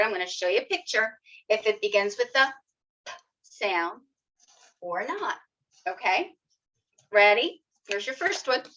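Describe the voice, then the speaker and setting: A woman leads young children through a phonics lesson, speaking slowly and sounding out each letter with patient encouragement. Her voice is bright and fairly high. The audio is a little dull and lo-fi. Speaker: kindergarten teacher. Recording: slightly dull lo-fi video audio.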